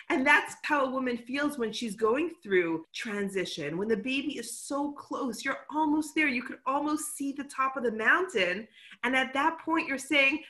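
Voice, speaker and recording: A middle-aged woman hosting a casual conversation, reflective and lively when she quotes herself. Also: sits high, moderate pace.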